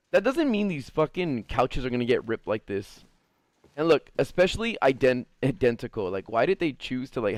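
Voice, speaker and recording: A man's voice: medium pitch, no echo, studio quality. A young man giving casual let's-play commentary as a gaming streamer, joking, swearing and chatting with his viewers.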